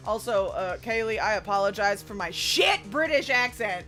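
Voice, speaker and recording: A woman's voice: medium pitch, expressive, normal speed, hardly any pauses, pushed and bright, faint music behind. A young woman streamer giving giggly, chatty commentary on a game she is playing. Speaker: gaming streamer. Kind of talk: casual let's-play commentary.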